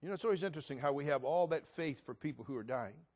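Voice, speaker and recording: An older male pastor in his sixties preaches with animated storytelling, acting out the voices in Bible stories. His voice sits a little higher than most men's. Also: rapid-fire. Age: 60s. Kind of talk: sermon.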